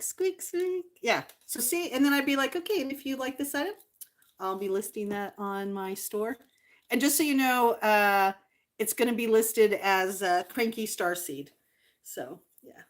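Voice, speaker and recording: A middle-aged woman vlogger chatting casually to her viewers, rambling with fillers and doting warmly over old collectibles. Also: on the high side. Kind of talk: casual livestream chat.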